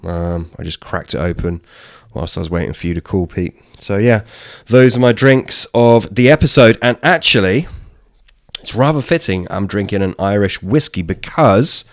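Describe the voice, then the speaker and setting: A man co-hosting a fishing podcast in relaxed, jokey chat. His voice is fairly low, and he restarts his sentences often. The sound is dry and close, with no room echo. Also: moderate pace. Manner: chatty, jokey, many restarts. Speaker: podcast co-host.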